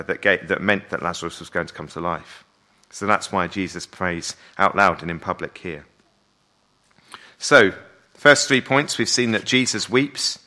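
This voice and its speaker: A man's voice: lowish voice, pushed and bright. A man preaching a sermon in a conversational way, often asking his listeners rhetorical questions.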